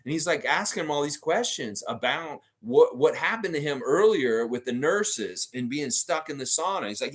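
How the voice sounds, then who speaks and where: Animated man hosting a sports live stream. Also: medium pitch. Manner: animated, jumps into quick character voices. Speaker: sports podcast host. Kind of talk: live-stream chat and improvised storytelling.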